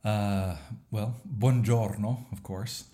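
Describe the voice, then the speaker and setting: Deep-voiced male pastor, mellow and thoughtful. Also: fairly even intonation, normal speed. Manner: thoughtful, with many "uh" fillers and a light laugh. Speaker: pastor and church planter. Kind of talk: conversational podcast interview.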